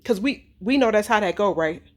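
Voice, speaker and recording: A woman's voice: mid-range voice, lively intonation, fairly quick, a little mellow. A woman speaking, giving a heated, worked-up commentary monologue to her followers, repeating points for emphasis. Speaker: social media commentator.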